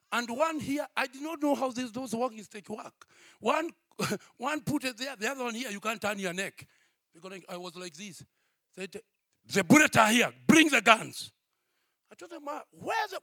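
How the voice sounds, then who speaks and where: A man, a pastor, preaching a sermon that moves from quiet storytelling to shouted exhortation, repeating phrases and calling out to his congregation. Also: sits high, no room sound, clean studio sound. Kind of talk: preaching a sermon with a personal testimony.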